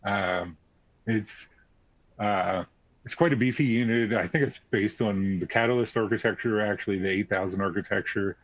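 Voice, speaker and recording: A man's voice: on the low side, normal speed. A man answering technical questions on a webinar, explaining at length with frequent fillers. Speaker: technical expert guest. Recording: dry muffled webcast audio.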